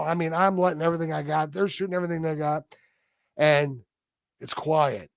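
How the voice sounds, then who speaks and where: A man with a gravelly, fairly high voice tells a story as a podcast guest. He acts out the sounds himself and keeps it vivid. The sound is dry and close. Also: steady tone, fairly quick, no room sound.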